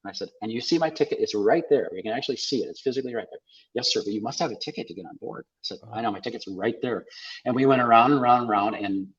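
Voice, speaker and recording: A man's voice: mid-range voice, racing, husky. An older man from South Dakota, a podcast guest, telling wry anecdotes in casual conversation and quoting people's lines back and forth. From South Dakota, USA. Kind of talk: casual storytelling. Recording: dull lo-fi audio.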